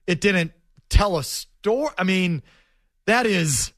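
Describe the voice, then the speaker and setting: A middle-aged man on a sports talk show drives his argument home again and again. His voice sits high and moves in wide swings. The sound is close and dry. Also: animated, takes it slowly, fairly bright tone, dry recording. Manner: emphatic, repetitive, argumentative.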